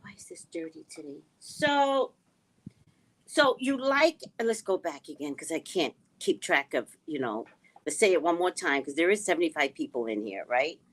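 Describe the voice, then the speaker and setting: A middle-aged woman hosting a casual livestream, chatting and reading viewer comments, animated with hushed asides. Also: sits low, moderate pace. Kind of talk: casual live chat.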